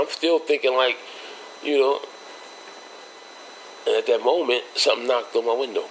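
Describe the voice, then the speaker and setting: A man's voice: normal speed, pauses often, a little hiss or hum, poor audio. A man telling a personal story in casual street slang, acting out the voices of the people in it. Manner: street slang, acts out quoted voices with raised pitch. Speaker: interview guest telling a life story.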